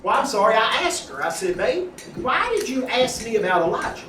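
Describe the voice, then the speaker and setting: A man telling a folksy, animated testimony at a church gathering, acting out the voices in his story. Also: very high-pitched, a little fast. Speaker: church member giving a testimony. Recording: echoey room, distant mic, audience noise.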